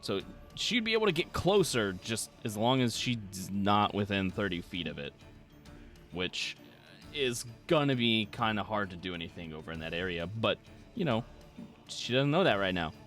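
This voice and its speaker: Male dungeon master, lively pitch, patient rules explainer, faint music behind. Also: moderate pace. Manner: rules-focused, explanatory, laughs easily. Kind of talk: running a live tabletop game.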